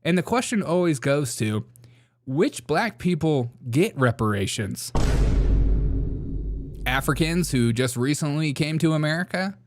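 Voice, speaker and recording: A man's voice: a little high, animated, a little slow, pauses often. A man hosting a political commentary show, reacting to clips with sarcastic casual talk and frequent laughter. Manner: sarcastic, laughs often while talking.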